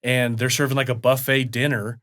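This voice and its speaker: A man hosting a podcast in a loose, casual way. He talks at an ordinary pitch and mostly drops in brief, easygoing agreement. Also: level tone, a little fast, fairly bright tone. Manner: laid-back, short agreeing replies. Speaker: podcast host. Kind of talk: casual chat.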